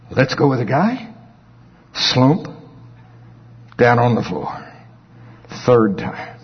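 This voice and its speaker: A man preaching a sermon, telling stories with big swings from quiet murmurs to high, excited shouts. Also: slow pace, long pauses, slightly rough. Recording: dull lo-fi recording with long hall reverb.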